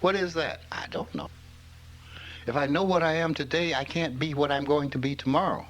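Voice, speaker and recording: A man's voice: a little high, normal speed, fairly bright tone, a little hiss or hum, poor audio. An older man from rural Mississippi gives an informal spiritual talk, telling stories in a folksy way and chuckling often. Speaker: spiritual teacher.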